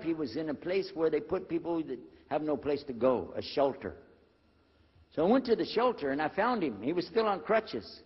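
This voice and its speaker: An older American man telling his life story to an audience, acting out the dialogue with lively shifts. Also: medium pitch, gravelly, slightly rough. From United States. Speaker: former preacher telling his conversion story. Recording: dull lo-fi recording in a reverberant hall.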